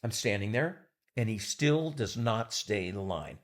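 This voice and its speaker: A man's voice: lowish voice, animated, unhurried. A man in his sixties, an actor, telling a backstage story in a chat and acting out other people's lines. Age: 60s. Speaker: actor and guest.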